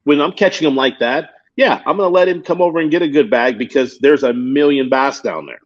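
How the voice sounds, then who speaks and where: A man, a guest angler in a casual chat, telling quick fishing anecdotes and laughing easily. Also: medium pitch. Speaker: guest and professional bass angler. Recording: slightly dull, lo-fi sound.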